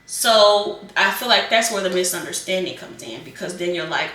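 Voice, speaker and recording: A woman's voice: fairly low pitch, animated, moderate pace, sharp tone, reverberant, distant mic. A woman giving a casual tarot reading, chatty and rambling, with many fillers and repeated phrases. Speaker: tarot reader.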